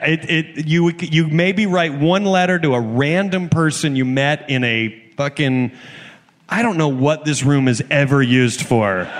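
A man co-hosting a live comedy podcast on a festival stage, excitable, breaking into loud exclamations and casual swearing. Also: fairly high pitch. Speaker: podcast co-host. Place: hall at a live festival show. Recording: live hall reverb.

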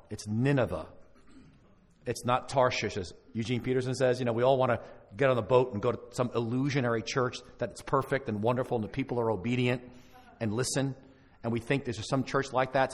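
A man speaking live to church leaders at a conference. His voice sits at a middle pitch and carries a long hall reverb, and he talks conversationally, often restarting his phrases. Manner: conversational, with frequent restarts and asides.

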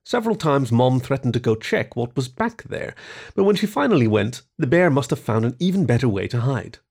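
A man narrating a short story in an expressive reading voice. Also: mid-range voice, slightly rough.

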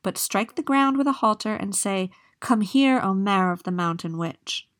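A woman's voice: mid-range voice, moderate pace, fairly bright tone, no echo, studio quality, natural voice. Talking fox, woman reader, obliging, plain-spoken, storybook. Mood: helpful. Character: helpful talking fox, male.

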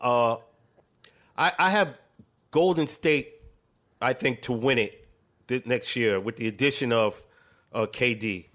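A man's voice: mid-range voice, slow, pauses often, fairly bright tone. Man co-hosting with confident predictions. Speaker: podcast co-host. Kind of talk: casual sports chat.

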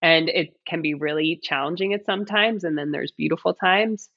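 A woman's voice: deep voice, moderate pace, no echo, lo-fi sound. A woman in her thirties, a mother and coach, talking earnestly as a podcast guest, with many "like"s and "right?"s. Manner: earnest, heartfelt, frequent "like" and "right?". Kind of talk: reflective interview conversation.

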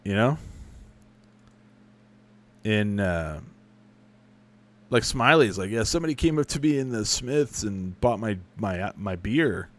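A man's voice: lowish voice, lively intonation, measured pace, pauses often, a bit bright. A young adult man chatting casually as a podcast host, answering listener questions with rambling, profane, self-correcting stories. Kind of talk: casual chat.

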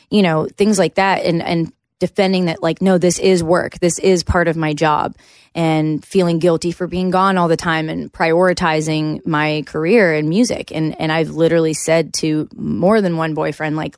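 A Canadian country singer in her thirties speaks in a low voice as a podcast guest, chatting candidly in a casual interview with lots of fillers. There's no room sound.

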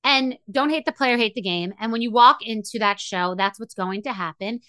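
A woman's voice: on the high side, normal speed, fairly bright tone, clear, resonant tone, no echo. A middle-aged woman hosting a podcast, telling a personal story in an emotional, rambling way with many restarts. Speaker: podcast host. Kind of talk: candid monologue.

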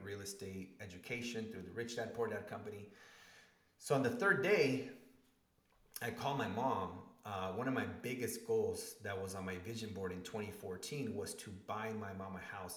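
A man with a very low voice speaks as a podcast guest and tells a personal story with feeling. He acts out the people in it, and the room gives his voice a noticeable echo. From Spanish-speaking family. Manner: animated storyteller, acts out quotes with rising emotion. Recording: echoey room.

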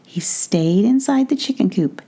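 Woman, whispered bedtime story, slow and soft, gravelly and breathy tone, dark mellow voice. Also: mid-range voice, lively intonation.

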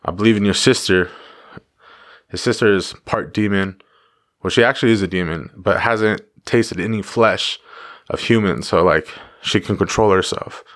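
A man's voice: lowish voice, moderate pace, fairly bright tone. A man giving a casual motivational talk, driving his points home with repeated phrases and the odd swear word. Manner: emphatic repetition, casual profanity. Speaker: motivational vlogger.

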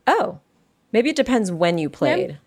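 Animated woman podcast co-host. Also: medium pitch, a little slow. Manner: animated, gasps and laughs often. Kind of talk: casual chat.

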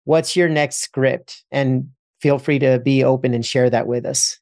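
A man's voice: medium pitch, fairly even intonation, unhurried, darkish tone, dry recording. Upbeat man hosting a podcast, dry sound. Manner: enthusiastic, upbeat, wordy. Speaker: podcast host. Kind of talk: podcast interview.

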